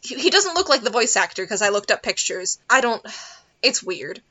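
A woman's voice: fairly high pitch, very animated, moderate pace, bright, forceful tone, muffled recording. A young woman co-hosting a podcast, chatting casually and giggling as she rambles through a movie review with many fillers. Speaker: podcast co-host.

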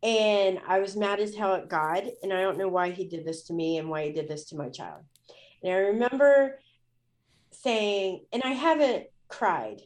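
A woman's voice: mid-range voice, normal speed, darkish tone. A woman speaking as a guest in an interview, telling a personal story in a candid, emotional way with many fillers.

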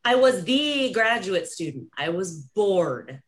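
Podcast host, woman, animated storyteller with a wide-ranging voice, laughs and acts out quotes. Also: medium pitch, takes it slowly. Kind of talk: casual conversational storytelling.

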